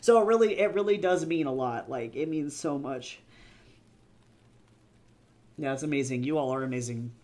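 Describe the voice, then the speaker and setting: A man's voice: on the high side, moderate pace, long pauses, a little mellow. A man livestreaming to his viewers, teary and gushing, rambling and swearing freely in casual chat from his home office. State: teary, on the verge of crying. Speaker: author and livestreamer.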